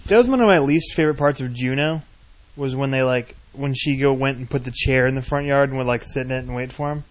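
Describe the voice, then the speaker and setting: A man's voice: medium pitch, fast talker. A man co-hosting a casual chat, wry and talkative, with a lot of "like" in his speech. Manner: wry, chatty, heavy use of "like". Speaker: podcast co-host.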